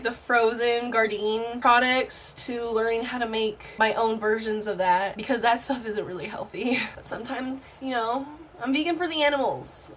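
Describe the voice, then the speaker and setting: A young woman talks straight to her camera in a loose, chatty vlog style, frank and quick to laugh. Her voice sits a little high, and she drops the odd swear word without fuss. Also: fairly bright tone, a little hiss or hum. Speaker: vlogger. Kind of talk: casual chat to camera.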